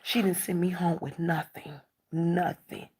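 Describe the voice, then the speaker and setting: A woman vlogger telling a personal story to camera, emotional and repeating her phrases, her voice climbing high when upset. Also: flat delivery, a little slow, darkish tone, slight background noise.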